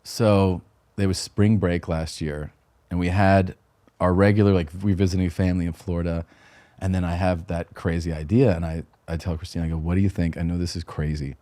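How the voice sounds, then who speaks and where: Low-voiced man telling a lively story. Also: brisk. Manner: animated, acts out quoted dialogue, frequent laughs and "like". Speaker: guest comedian. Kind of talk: casual storytelling chat.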